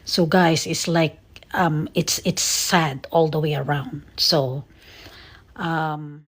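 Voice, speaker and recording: Slow, low-voiced, sorrowful American woman. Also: flat delivery, husky. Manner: sad, earnest, halting with many ums, near tears. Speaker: vlogger. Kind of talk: casual emotional monologue to viewers.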